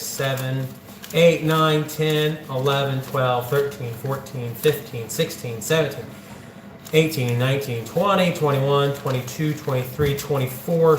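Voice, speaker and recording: A man's voice: mid-range voice, a bit bright, slight background noise. A man from central Ohio hosting a casual livestream, chatting and joking while he counts money aloud. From central Ohio, USA. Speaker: livestreaming channel host. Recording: echoey room with faint background ambience.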